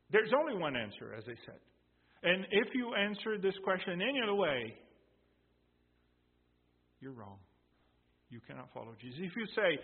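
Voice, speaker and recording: A man's voice: sits high, slightly rough. Emphatic preacher man, tinny and echoey. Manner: emphatic, explanatory, repeats key phrases. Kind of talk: sermon. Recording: tinny phone-like sound in a reverberant hall.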